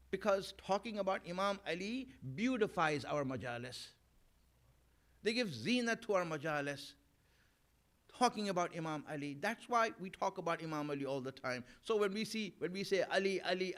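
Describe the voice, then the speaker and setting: A male preacher gives a sermon in a conversational style. His voice sits fairly high and swings up and down with animated emphasis. He speaks to the audience directly as friends and acts out both sides of imagined arguments. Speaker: maulana giving a Muharram majlis talk. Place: Islamic center gathering.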